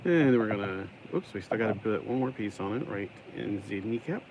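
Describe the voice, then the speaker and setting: Male hobby vlogger, low-pitched, chatty rambling build commentary over steady background noise. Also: a little fast. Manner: rambling, talks to himself, sings and jokes while building; puts on a stuck-in accent today. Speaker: YouTuber building a LEGO set.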